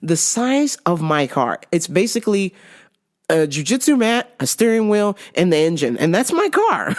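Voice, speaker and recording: A woman hosting a podcast, telling a story casually, swearing freely and laughing often as she talks. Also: fairly low pitch. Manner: profane, laughing through her story. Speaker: podcast host.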